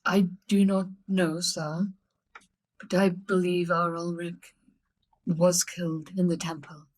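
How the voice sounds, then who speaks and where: A woman's voice: lowish voice, little pitch movement, slow, low-quality recording. A woman playing a character in a tabletop game, explaining earnestly and steadily. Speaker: player. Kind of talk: in-character tabletop role-play.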